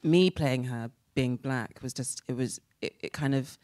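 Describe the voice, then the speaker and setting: A woman's voice: extremely low pitch, measured pace, darkish tone. A British woman answering as an actor guest on a panel, reflective and hesitant. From England.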